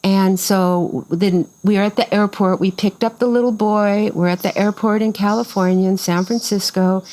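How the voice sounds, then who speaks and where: A woman's voice: medium pitch, normal speed, rough recording. An older woman, cofounder of a farm, telling a story in a casual interview and acting out the voices of the people in it. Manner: animated storyteller who acts out quoted voices.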